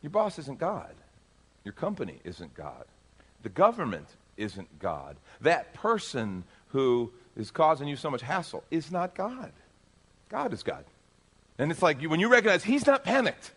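Animated pastor preaching in a reverberant hall. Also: male voice, a little high, measured pace, husky. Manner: animated, acts out everyday voices. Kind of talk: sermon.

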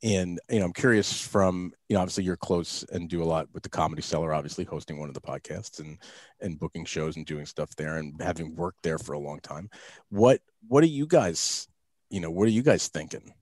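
A man's voice: low-pitched, a little fast, a little mellow, no room sound, clean studio sound. An older man co-hosting a comedy podcast, rambling in a casual, self-deprecating way. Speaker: podcast co-host.

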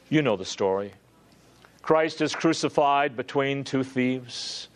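Slow, earnest man preaching a sermon. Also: medium pitch. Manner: earnest, emphatic, asks the listeners rhetorical questions.

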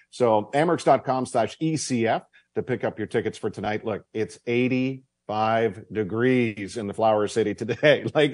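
A man's voice: lowish voice, darkish tone, dry recording. A man hosting a sports radio show, chatty and promotional as he plugs the evening game. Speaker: radio and TV hockey broadcaster, host. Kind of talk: casual sports radio talk.

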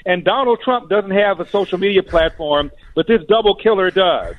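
A man's voice: sits high, expressive, normal speed, few pauses, slight background noise. A man calling in as a guest commentator, sardonic and chuckling as he talks. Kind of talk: talk show commentary. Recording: tinny phone line.

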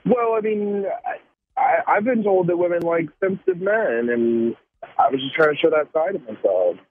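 A man speaks over a tinny phone line to a radio show, sounding sheepish and sentimental. His voice is a little breathy. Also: fairly high pitch, animated, moderate pace, no echo. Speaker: caller.

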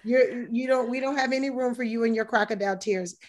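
A woman guest in casual conversation, her voice sitting a little high. She speaks emphatically, with animated, mocking asides. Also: fairly quick. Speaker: yoga instructor. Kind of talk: casual chat.

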